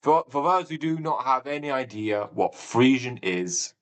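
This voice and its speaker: A man's voice: medium pitch, expressive, a little slow, poor audio. A man live-streaming a game, talking casually and thinking aloud, with a rambling manner and sudden exclamations. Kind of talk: casual live commentary while playing.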